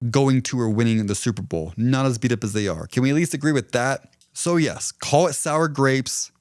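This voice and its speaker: A man's voice: no echo, clean studio sound. Fired-up man ranting about football. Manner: heated, sarcastic, profane ranting; mocks rivals in a whiny high voice. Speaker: podcast host. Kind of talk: solo sports podcast rant.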